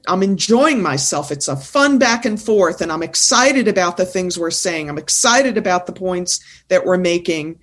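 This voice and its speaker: A woman's voice: fairly low pitch, breathy edge. A woman speaking coach in a podcast conversation, talking in an emphatic, insistent, teacherly way.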